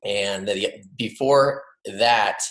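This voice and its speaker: A man's voice: fairly low pitch, drawn-out words, a bit bright, echoey room, poor audio. Upbeat man in his thirties, guest. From Cincinnati, Ohio. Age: 30s. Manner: friendly, upbeat, easygoing. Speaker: podcast guest, entrepreneur. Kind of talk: casual interview talk. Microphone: remote call.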